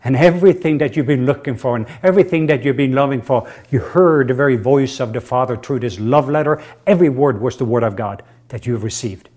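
A man preaching and praying, leading listeners in spoken affirmations, hushed and tender in prayer and swelling when he proclaims. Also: medium pitch, fairly quick, few pauses. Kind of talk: sermon with prayer and call-and-response affirmations.

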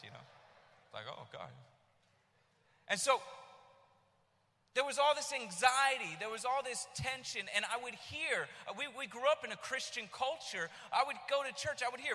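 A man in his thirties from the United States preaching a sermon, telling his story with animated bursts of shouting. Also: very high-pitched, normal speed. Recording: long reverb of a large hall.

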